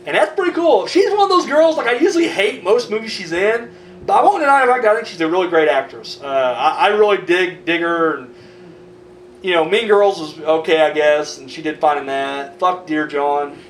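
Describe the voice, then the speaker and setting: On a horror news vlog, a man with a high-sitting, expressive voice speaks a little fast while ranting and cursing through loose, rambling commentary. It's captured on a distant mic in a roomy space with faint background noise.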